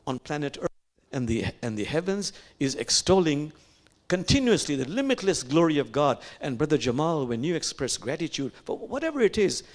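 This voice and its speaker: A man, an imam, giving a reflective sermon, slow and unhurried with pauses and soft, whispered asides. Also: on the high side.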